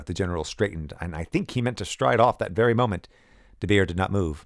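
Low-voiced male audiobook narrator. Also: fairly quick, dry recording, studio quality. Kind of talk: audiobook narration, first person.

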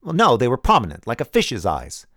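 A man reading an audiobook, voicing a young male servant who speaks in a hurried, stammering way. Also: medium pitch, huge pitch swings, fairly bright tone, no room sound, clean studio sound, voice pushed up. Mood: eager.

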